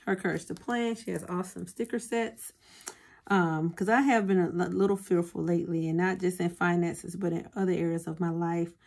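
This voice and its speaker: A woman's voice: fairly low pitch, steady tone, a little fast, creaky, darkish tone. A woman chatting casually to her viewers as a budgeting vlogger, often calling them y'all.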